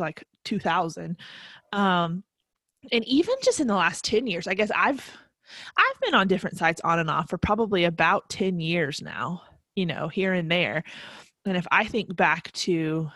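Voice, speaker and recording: A woman, co-hosting a casual podcast, upbeat and quick to laugh. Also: lowish voice, expressive, fairly bright tone, dry recording. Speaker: podcast co-host.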